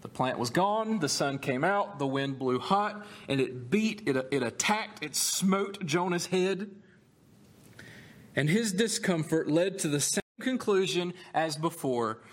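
A male pastor preaching a sermon, telling the story in an animated, conversational way with humorous asides. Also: on the high side, unhurried.

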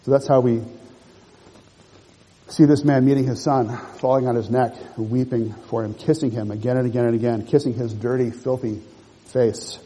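A man gives an earnest sermon, speaking in short phrases and reading scripture between his comments. His voice is mellow and a little husky. A long reverb trails behind him. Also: mid-range voice, fairly even intonation, normal speed. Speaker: preacher.

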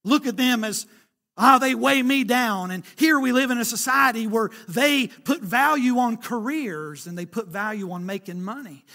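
A man in his forties preaching with a folksy, storytelling delivery. His voice sits very high for a man and rings bright and forceful, rising and falling as he drives each point home. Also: expressive, moderate pace, few pauses. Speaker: pastor. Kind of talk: sermon.

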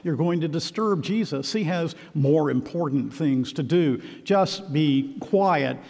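A man voicing a crowd of bystanders who sharply and dismissively tell someone to be quiet. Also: fairly high pitch, slow pace, gravelly, long reverb tail, full character voice. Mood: scolding. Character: scolding crowd of bystanders hushing a beggar.

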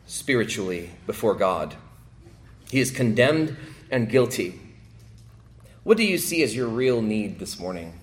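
His voice sits mid-range as the pastor preaches, moving back and forth between emphatic, elevated sections and quiet, hushed ones while repeating phrases to drive points home.

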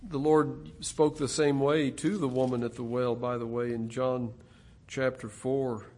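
A middle-aged man preaching an expository sermon, slow and deliberate, rising to loud emphatic stresses. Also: mid-range voice, level tone.

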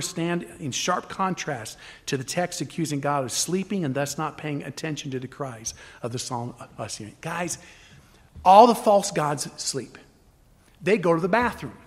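A man's voice: fairly high pitch, big-room sound. A man preaching a sermon, emphatic, acting out the stories he retells. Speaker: pastor.

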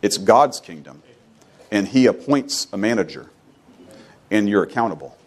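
A man's voice: animated, normal speed. Emphatic male preacher. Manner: emphatic, swinging between loud high exhortation and low quiet asides; repeats phrases for emphasis. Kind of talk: sermon.

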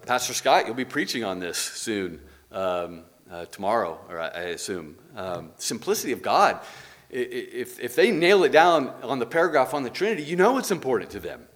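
A man teaching a church class in an earnest, explanatory way. His pitch moves a lot, climbing when he presses a point and dropping low as he winds down. He works through examples and asks questions aloud. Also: a bit bright. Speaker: Bible teacher.

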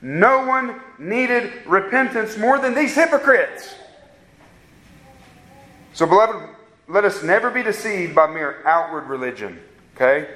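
A man with a notably high voice delivers an earnest sermon, pressing his listeners with question after question. His words ring out in a roomy, echoing space. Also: a bit bright. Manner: earnest preaching with rhetorical questions to the congregation. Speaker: pastor. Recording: roomy echo.

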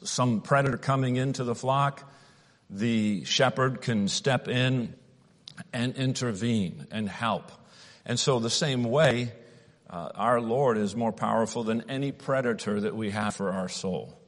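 A man preaching a sermon at an unhurried, deliberate pace, with some restarts. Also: on the low side, long reverb tail.

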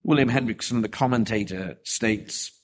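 A man preaching an expository sermon, emphatic and deliberate, with rhetorical questions. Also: lowish voice.

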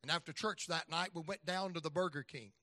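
A middle-aged man preaching a sermon as an evangelist, telling folksy stories and acting out voices, swinging from loud to soft. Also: a little high, brisk, no room sound, studio quality.

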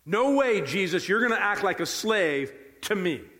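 A preacher acting out an astonished male disciple who refuses, speaking in a raised, drawn-out, emphatic voice. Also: high voice, expressive, fairly bright tone, pitched above the performer's own voice. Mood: adamant. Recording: long hall reverb.

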